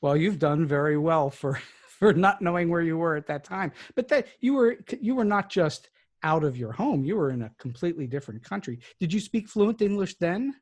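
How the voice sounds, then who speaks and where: A man's voice: fairly high pitch, animated, moderate pace. A man hosting a podcast interview, thoughtful and affirming as he asks questions and shares his views. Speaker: podcast host. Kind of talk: conversational interview.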